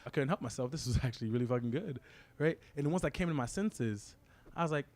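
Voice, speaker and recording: A man's voice: mid-range voice, expressive, a little mellow. A young man doing a crude stand-up comedy routine, telling a story and tossing "right?" to the crowd. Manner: fast, crude storytelling with frequent "right?" asides.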